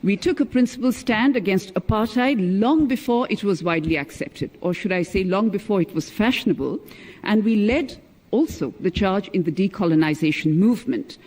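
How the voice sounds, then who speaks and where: Male diplomat, middle-aged, high-pitched, formal keynote, emphatic and deliberate. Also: a little mellow. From India. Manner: emphatic, stresses key words, measured delivery. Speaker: former ambassador, conference speaker.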